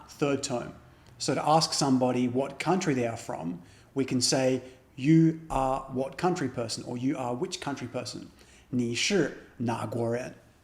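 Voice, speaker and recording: A man teaching a beginner Chinese lesson, patiently explaining and modeling phrases slowly. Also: medium pitch, creaky, a little mellow. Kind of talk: spoken language lesson. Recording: echoey room.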